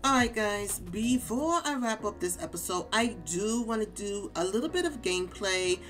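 A woman hosting a casual game let's play, chatting to viewers and reacting out loud to the game. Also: mid-range voice, lively intonation, normal speed, soft background music.

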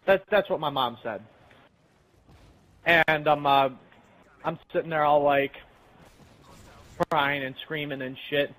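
Bright-voiced young guy telling a rambling story. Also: a little high, fairly even intonation, slow, long pauses, poor audio. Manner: rambling, profane, offhand. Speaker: channel host. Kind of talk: casual storytelling while gaming.

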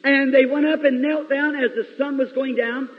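High-voiced preacher in a 1950s hall recording. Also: male voice, fairly even intonation, moderate pace. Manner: dramatic storytelling, sudden swings between loud and hushed. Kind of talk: sermon. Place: large church. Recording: lo-fi 1950s reel recording, long hall reverb.

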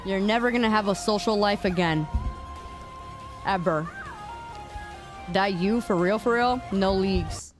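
A woman streamer reacting to memes live, loud and exclamatory, repeating her phrases over and over. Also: mid-range voice, a little slow, pauses often. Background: music.

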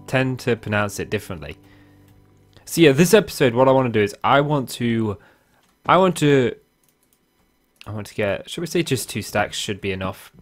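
A young man hosting a casual video game let's play, talking in a chatty, rambling way with fillers and asides. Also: medium pitch. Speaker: Minecraft let's play host. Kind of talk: casual gameplay commentary. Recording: faint guitar music behind.

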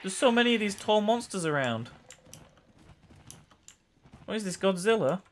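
A young man casually commenting on his own gameplay, chatty and excitable, often breaking into yells and laughter. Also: high-pitched, moderate pace, slight background noise. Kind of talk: casual let's-play commentary.

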